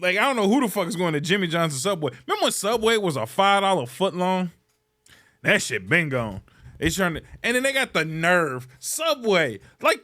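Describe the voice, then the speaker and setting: A man hosting a podcast, ranting in a casual, comedic way. He swears freely and sounds exasperated. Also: high-pitched. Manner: profane, exasperated, animated complaining. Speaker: podcast host.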